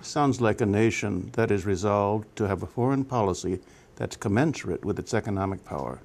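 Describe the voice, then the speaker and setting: A man with a lowish, darkish voice and lively intonation hosts a policy interview at a fairly quick pace. He asks long questions and frequently drops in brief sounds of agreement.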